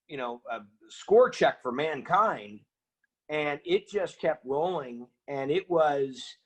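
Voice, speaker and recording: A middle-aged man, an interview guest, telling an animated story and acting out the voices of people in it. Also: on the high side, slightly rough. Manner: energetic, acts out quoted voices.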